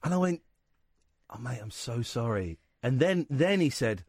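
Animated man hosting radio. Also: medium pitch, a little slow, husky, dry recording, studio quality. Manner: rambling, animated anecdote-telling with quoted voices. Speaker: radio show host. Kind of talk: casual radio chat, storytelling. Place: radio studio.

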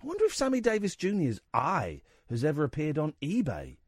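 Male phone-in host, self-deprecating rambler, animated delivery, dry studio mic. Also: on the high side, dry recording. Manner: self-deprecating, rambling, quick jokey asides. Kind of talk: late-night phone-in chat. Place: radio studio.

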